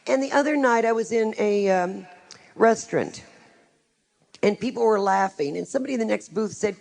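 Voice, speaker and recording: A woman's voice: medium pitch, sing-song, moderate pace, creaky, pauses often. A middle-aged woman, a psychic, giving a live talk to a group with frank, wry, humorous storytelling.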